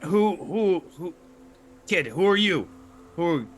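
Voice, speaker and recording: A man voicing a grumpy, overworked older male gnome boss who grumbles loudly and sounds exasperated. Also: high-pitched, lively intonation, slow, voice pushed up, full character voice. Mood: gruff. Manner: gruff grumbling, loud and exasperated.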